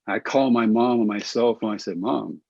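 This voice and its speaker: Husky-voiced man telling a story. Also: lowish voice, normal speed, no echo, lo-fi sound. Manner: animated storyteller acting out quotes. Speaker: guest, former pitcher and coach. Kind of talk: storytelling interview.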